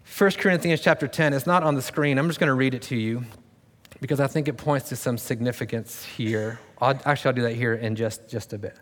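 A man's voice: medium pitch, fairly quick, a bit bright. A pastor giving a conversational sermon, joking and sarcastic now and then, as he speaks to his congregation in a church. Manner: conversational and self-deprecating, with sarcastic asides. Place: church sanctuary. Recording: long reverb of a large room.

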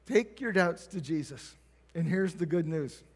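Male pastor, high voice, conversational sermon, long hall reverb. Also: animated, measured pace, a little mellow. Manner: conversational preaching, acts out quoted prayers.

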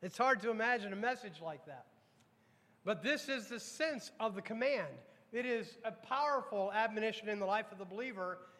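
A pastor preaching a sermon to his congregation, emphatic, questioning the room and dropping low and slow on weighty lines. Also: expressive, a bit bright, long reverb tail. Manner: addresses congregation directly with repeated questions. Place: church sanctuary.

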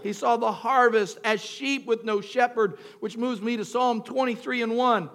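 A male pastor preaching a sermon, talking straight to the congregation, calling for responses and moving between quiet storytelling and shouted preaching. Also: very high-pitched, fairly even intonation, moderate pace, hardly any pauses. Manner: talks directly to the congregation, asks for responses.

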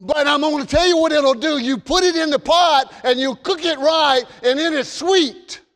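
A man with a Southern US accent preaching a fervent sermon, shifting between shouted warnings and folksy storytelling. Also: extremely high pitch, moderate pace, big-room sound. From American South.

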